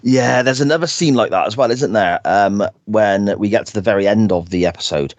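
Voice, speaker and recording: A man's voice: on the low side, fairly quick, no echo, muffled recording. A man co-hosting a podcast, recapping an episode in chatty, enthusiastic casual talk. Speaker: podcast co-host.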